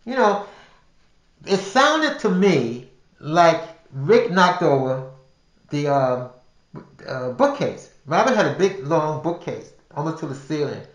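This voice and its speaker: A man's voice: fairly high pitch, sing-song, slow. An older man telling a personal story casually, rambling with restarts and repeated words. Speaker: podcast storyteller. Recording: roomy echo.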